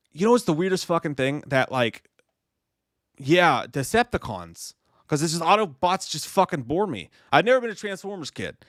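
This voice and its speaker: Profane, rambling live-stream host. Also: male voice, fairly high pitch, sing-song, moderate pace, no echo, clean studio sound. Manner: profane, rambling, self-deprecating. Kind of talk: casual live-stream chat.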